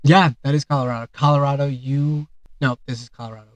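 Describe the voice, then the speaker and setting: A man's voice: mid-range voice, fairly even intonation, fast, no room sound, poor audio. A man streaming live, reacting to maps in casual commentary with sarcastic, exasperated outbursts.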